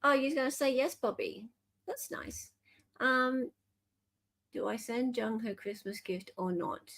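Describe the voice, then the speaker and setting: A woman's voice: fairly high pitch, a little slow, a bit bright. A woman with an Australian accent hosting a live stream, chatting playfully with her viewers. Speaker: livestream host. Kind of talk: casual live commentary.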